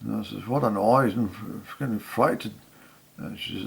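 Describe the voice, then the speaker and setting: Gravelly older man reminiscing. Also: on the low side. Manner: halting, full of restarts and fillers. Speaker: storyteller. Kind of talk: casual reminiscing.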